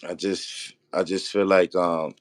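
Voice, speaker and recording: A man's voice: low-pitched, little pitch movement, unhurried, no echo, clean studio sound. A man in casual debate, rambling with restarts and often asking if he's understood. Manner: rambling, repeats "you feel what I'm saying".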